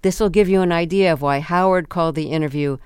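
A man hosting a radio interview who gives brief friendly reactions and wraps up the segment in a measured announcing manner. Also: a little high, a little mellow, clear, resonant tone, no room sound, clean studio sound. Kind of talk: interview and broadcast wrap-up.

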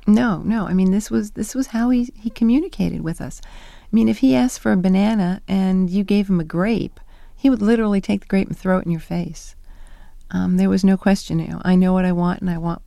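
A middle-aged woman being interviewed, telling animated stories and acting out quoted lines. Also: medium pitch, fairly quick, creaky, no echo, clean studio sound. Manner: animated storyteller who acts out quoted lines. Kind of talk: conversational interview.

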